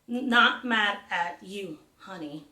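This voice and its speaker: A woman reading the part of a withdrawn young girl who speaks flatly and repeats phrases, in a storybook read-aloud. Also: on the high side, moderate pace, distant mic. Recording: roomy echo.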